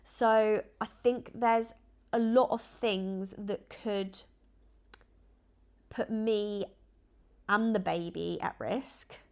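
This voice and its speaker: A woman's voice: mid-range voice, vocal fry. A woman vlogging in a casual, rambling, earnest chat to camera, emotional and close to tears at times.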